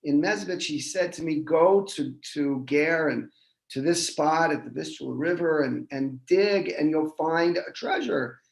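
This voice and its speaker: A man's voice: fairly high pitch, unhurried, gravelly, reverberant. A man doing an earnest, worried poor father. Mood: amazed.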